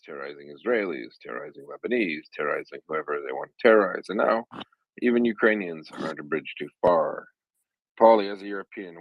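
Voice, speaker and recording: Male host, very low voice, dry close mic, jokey panel-chat manner. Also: a bit bright, no room sound, rough recording. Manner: joking, teasing, quick asides. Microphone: online audio room, own mic.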